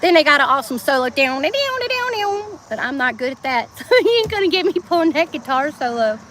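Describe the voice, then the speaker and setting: A high-pitched woman with a Southern accent chats freely with her live-stream viewers from outdoors. She laughs a lot and sings bits of songs as she goes. Faint insect sounds hum behind her phone mic. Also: expressive, fast talker, fairly bright tone. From Georgia, US South. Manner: chatty, laughs often, sings snatches of songs. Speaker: livestreamer. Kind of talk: casual live-stream chat.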